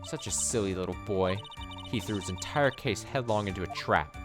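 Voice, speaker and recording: A haughty young prosecutor sneers with condescension, read by a man. The voice stays fairly low. Clear game music plays behind. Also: normal speed, close to an everyday voice. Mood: scornful. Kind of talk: let's play voice acting.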